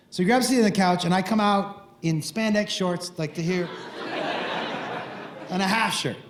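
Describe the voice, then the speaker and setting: A middle-aged man doing stand-up, telling crude stories in a playful, animated way with sudden loud outbursts. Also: high voice, fairly quick. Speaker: stand-up comedian. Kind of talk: stand-up storytelling. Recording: roomy echo with faint noise.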